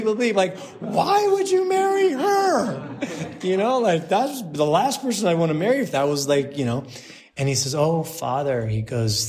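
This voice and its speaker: A middle-aged man, a priest, telling a story to a group, acting out the people he quotes and laughing often. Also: mid-range voice.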